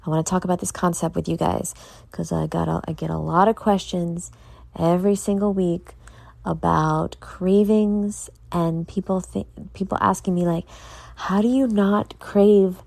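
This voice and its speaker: A woman's voice: on the low side, steady tone, normal speed, creaky, a little mellow, dry recording. A tired, yawning woman hosting a casual solo podcast, earnestly motivating her listeners and speaking to them directly. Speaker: podcast host.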